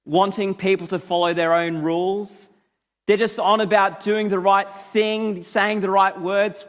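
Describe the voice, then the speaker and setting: High, slow-speaking male preacher in a reverberant hall. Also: a bit bright. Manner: prayerful, then earnest and emphatic preaching. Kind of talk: sermon.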